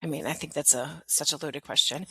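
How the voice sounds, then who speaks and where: A woman's voice: low voice, a little fast, pushed and bright, breathy edge, no echo, low-quality recording. A middle-aged woman, a pediatric occupational therapist, explaining things in a conversational interview, often adding "like" and "right?". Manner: explanatory, peppers speech with "like" and "right?".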